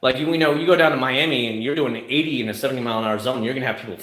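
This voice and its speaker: A man's voice: mid-range voice, steady tone, very fast, few pauses, fairly bright tone, echoey room. A middle-aged man from South Florida, hosting a casual live chat, blunt and profane, often mimicking others mid-rant. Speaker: livestream host answering chat. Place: home room, in Kissimmee.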